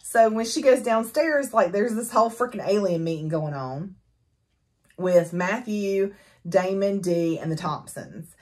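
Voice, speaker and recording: A woman chatting casually as she recaps a novel for her book review, animated and full of fillers and laughs. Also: mid-range voice, measured pace.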